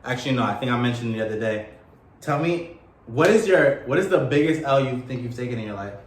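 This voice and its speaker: Loud, teasing man in an echoey room. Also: mid-range voice, expressive, quick pace. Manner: loud, playful, teasing, swears a lot. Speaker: podcast co-host. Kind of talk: casual chat. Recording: echoey room with faint noise.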